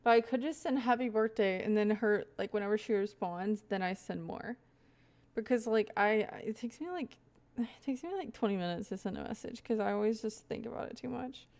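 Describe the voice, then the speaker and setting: A woman's voice: medium pitch, fairly quick, a little mellow. A young woman livestreaming, rambling casually to her chat with frequent laughs. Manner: chatty, rambling, laughs often, talks to chat.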